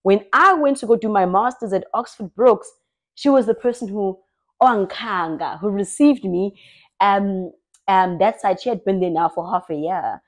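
A young South African woman telling her own story in an expressive, lively way, as a personal vlog. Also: mid-range voice, normal speed. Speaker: vlogger.

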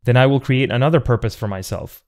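A man's voice: mid-range voice, fast talker, darkish tone, natural voice. A man reading a defiant, thoughtful man. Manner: earnest, precise, argumentative. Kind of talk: audiobook reading.

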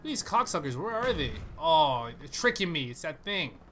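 A man's voice: a little high, sing-song, moderate pace, fairly bright tone, a little hiss or hum. A man giving profane, trash-talking live commentary over a shooter game he is playing. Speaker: gaming channel host.

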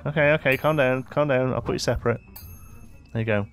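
A man's voice: mid-range voice, fairly even intonation, a little fast. A young man giving casual gameplay commentary, bossing his in-game characters around with mock exasperation. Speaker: let's play host.

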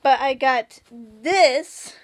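A young woman vlogging in casual chat, rambling with restarts and gushing with excitement. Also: sits high, very slow, dry recording. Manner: excitable, gushing, shrieks when thrilled.

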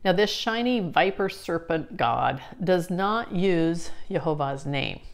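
Woman teaching a Bible study, casual, chatty, lots of ums, a bit low-pitched. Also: creaky. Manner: chatty, many fillers and restarts.

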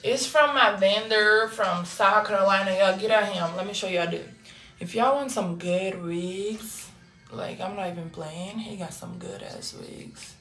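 A young woman from Brazil with a Brazilian Portuguese accent, telling loose, slangy stories in a casual livestream and reading the chat, swinging between loud bursts and low murmurs. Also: lively intonation, a little slow, far from the mic. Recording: echoey room with faint music.

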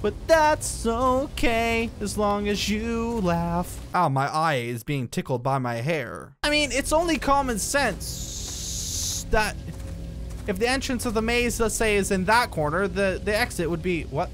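Over soft background music, a young man plays a horror game and comments for his YouTube let's play in a high-pitched, fairly bright, unhurried voice. Jumpy and prone to exclamations, he lets out bursts of nervous laughter.

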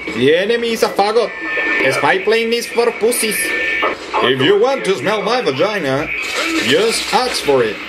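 A man's voice: high-pitched, big pitch swings, measured pace, very noisy. A man giving comedic gameplay commentary, stammering and cursing in a mock-angry rant. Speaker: gaming commentator.

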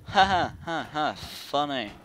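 A young man doing excitable, casual commentary over a game he plays. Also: fairly high pitch, slow pace, noisy background. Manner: excitable, yelps and laughs at the game. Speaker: gaming YouTuber.

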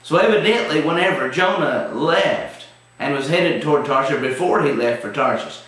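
A man's voice: fairly high pitch, animated, moderate pace, a bit bright. A man teaching a televised Bible study in a folksy, emphatic way. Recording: very echoey room, distant mic.

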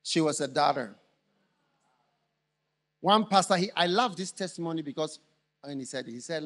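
An older man preaching a live sermon in a large church, asking the congregation questions for them to answer and bursting into shouted emphasis. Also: a little high, moderate pace, pauses often. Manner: call-and-response questions to the congregation. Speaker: bishop preaching.

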